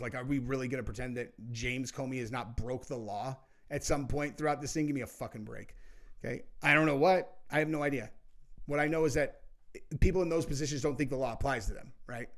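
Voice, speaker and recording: A man's voice: mid-range voice, fast. Heated, profane male political commentator. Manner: heated, profane, says "dude" often; rambling, with many fillers and restarts. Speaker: political commentary show host.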